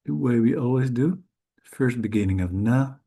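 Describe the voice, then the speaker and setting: A man whose first language is Dutch, teaching Sanskrit letters in a slow, careful lesson, hesitant and correcting himself often. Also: mid-range voice, creaky, dark tone. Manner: hesitant, halting, with frequent self-corrections.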